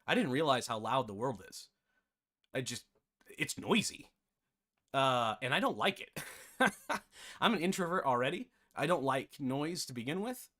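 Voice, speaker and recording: Bright-voiced man telling a casual story. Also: mid-range voice, normal speed, pauses often. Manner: chatty, animated anecdote telling with laughs. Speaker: game development tutorial host.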